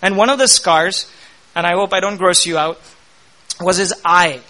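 Middle-aged male pastor, high bright voice, energetic sermon delivery. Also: moderate pace. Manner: energetic preaching with rising emphasis and quoted scripture.

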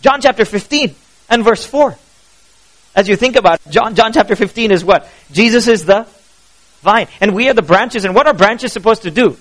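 A pastor preaching a sermon, animated and asking the congregation questions as he goes. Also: high-pitched, normal speed, rough recording.

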